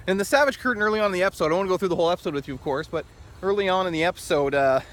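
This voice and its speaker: A man's voice: high-pitched, racing, fairly bright tone. A man talking in a casual opinion vlog, rambling and opinionated and often chuckling, recorded outdoors in a city. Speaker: vlogger.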